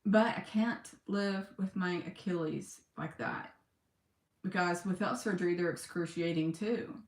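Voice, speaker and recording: Slow, tearful woman vlogger, echoey room. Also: fairly low pitch. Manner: slow, halting, emotional talk with sighs and pauses. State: close to tears. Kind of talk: personal video diary.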